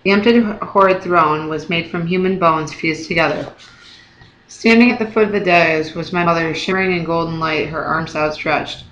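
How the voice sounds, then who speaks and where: A reader narrating a novel in the first person with steady storytelling. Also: medium pitch, normal speed, highs cut off, slight background noise. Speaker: audiobook reader. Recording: roomy echo.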